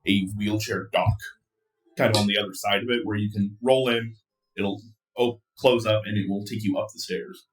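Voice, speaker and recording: A man narrating a tabletop game as game master in a relaxed, chatty way. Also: fairly low pitch, normal speed, far from the mic.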